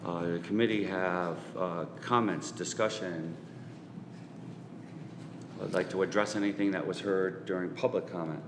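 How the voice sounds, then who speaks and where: A man with a Southern New England accent chairing a public meeting, calling items in a measured, procedural way. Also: low-pitched, fairly even intonation, noisy background. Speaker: committee chair. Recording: echoey council chamber with long reverb.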